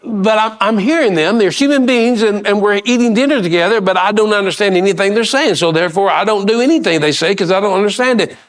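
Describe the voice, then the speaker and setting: A middle-aged pastor preaches with a fairly high, lifting voice. He pushes his points with rising emphasis and quick questions to the pews. Folksy asides and repeated words run through his talk. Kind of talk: sermon.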